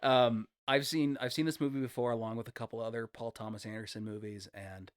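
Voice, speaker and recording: A man co-hosting a movie podcast, talking in an easygoing, deadpan way with plenty of pauses. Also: medium pitch, clean tone, dry recording, studio quality. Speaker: podcast co-host. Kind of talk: casual chat.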